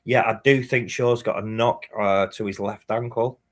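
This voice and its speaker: A man talks loosely through a live football stream, reading out viewer messages between reactions. His voice sits on the low side, and the delivery is casual and unpolished, with the odd swear. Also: fairly even intonation, moderate pace. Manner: casual, swears, reads chat messages aloud. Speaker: fan channel host. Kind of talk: live match watchalong chat.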